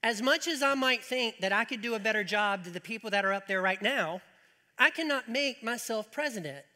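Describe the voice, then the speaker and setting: Pastor preaching a sermon, high bright voice, folksy with jokes, long church-hall reverb. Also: male voice, expressive, fairly quick. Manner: folksy, joking asides to the congregation. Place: church sanctuary.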